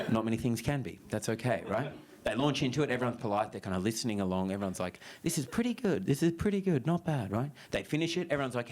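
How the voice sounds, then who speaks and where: A young Australian man doing a stand-up set, telling a story with lots of "right?" asides and jumping into loud, high impressions. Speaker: stand-up comedian. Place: comedy club stage with audience laughing. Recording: live club recording with audible noise.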